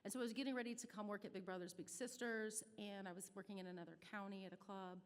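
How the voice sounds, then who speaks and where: A woman's voice: mid-range voice, steady tone, fast talker. Chatty Midwestern woman speaking in a hall. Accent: Midwestern American. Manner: chatty, self-deprecating, emotional storytelling. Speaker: nonprofit staff speaker. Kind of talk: storytelling speech at a charity brunch. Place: banquet hall. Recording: reverberant hall audio.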